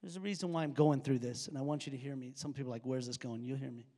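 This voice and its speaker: A man preaching a sermon as pastor of his church, animated and conversational, full of rhetorical questions and asides to the congregation. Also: mid-range voice, rapid-fire, long reverb tail. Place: church auditorium stage.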